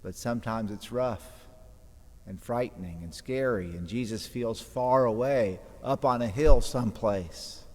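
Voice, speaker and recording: A priest with a mid-range voice delivers an unhurried homily in a church, where the reverb lingers long. He dramatizes the gospel story, voicing each scripture quote as he acts out the people in it.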